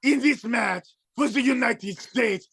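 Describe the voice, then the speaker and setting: A man voicing a brash puppet wrestler who shouts his trash talk in a comedic wrestling promo. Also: very high voice, takes it slowly, gravelly, breathy edge, no room sound, full character voice. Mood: mocking.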